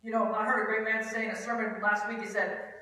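High-voiced man preaching in an echoey hall. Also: level tone, fast talker, sharp tone. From Kansas, USA. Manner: conversational and earnest, with personal stories and asides. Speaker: pastor. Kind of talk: sermon. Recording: echoey hall, distant mic.

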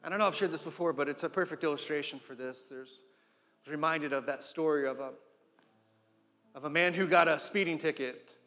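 A man preaching a sermon, impassioned, swinging between loud and hushed, often repeating and restarting words. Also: a little high, brisk. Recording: long hall reverb with faint music.

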